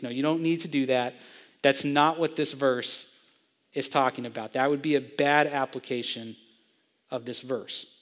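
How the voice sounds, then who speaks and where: A man's voice: on the high side, fairly bright tone. Young man preaching in a reverberant hall. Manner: teacherly, asks the audience questions. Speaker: pastor of a student ministry. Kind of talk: expository sermon.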